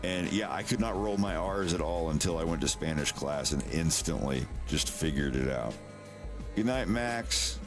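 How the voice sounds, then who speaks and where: A man's voice: sits low, lively intonation, moderate pace, over music. A man chatting casually on a live stream, rambling and swearing as he demonstrates mouth sounds.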